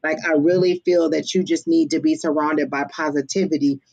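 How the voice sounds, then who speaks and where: A woman's voice: deep voice, level tone, a little fast, gravelly, darkish tone, lo-fi sound. A woman giving a tarot and psychic reading on a livestream, speaking in an earnest, reassuring way. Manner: earnest, reassuring, repetitive affirmations.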